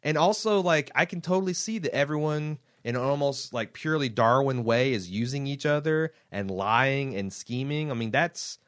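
A man co-hosting a podcast in casual chat, animated and swearing freely, reading listener emails aloud. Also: medium pitch, moderate pace, few pauses. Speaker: podcast co-host.

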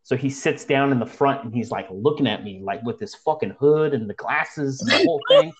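A young man with a husky, mid-range voice talks a little fast as he casually tells friends a story. He's profane and slangy, acting out the people he describes in an animated retelling.

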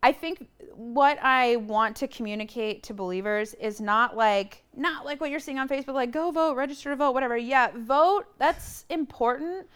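A woman's voice: a little high, normal speed, hardly any pauses, a bit bright, clear, resonant tone. A woman guest on a podcast, talking earnestly in casual conversation and searching for her words, on a lapel mic. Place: room shared with host.

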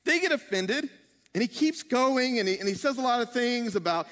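A man's voice: very high-pitched, expressive, moderate pace, fairly bright tone. A male pastor preaching a sermon in a humorous, conversational way, with playful asides. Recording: long reverb of a large hall.

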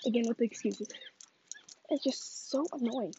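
A young woman talks into her phone while walking outside, rambling through gossip with plenty of fillers. Her voice sits high. The recording is a bit muffled and lo-fi, with faint noise behind her. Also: moderate pace, warm tone. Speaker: vlogger. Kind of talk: casual fake phone chat while walking. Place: outdoors on a neighborhood walk with a dog. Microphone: phone held while walking.

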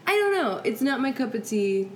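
A woman's voice: a little high, big pitch swings, moderate pace, a little hiss or hum. A young woman co-hosting a podcast, giving blunt, frank opinions on movies in casual chat. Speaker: podcast co-host.

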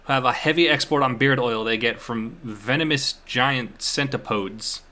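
A young man from Eastern Kentucky talks through a fantasy setting in casual chat, wandering with fillers and restarts. His voice is bright and forward, set at a middle pitch. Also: normal speed, slight background noise. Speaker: game master. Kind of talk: casual chat about worldbuilding.

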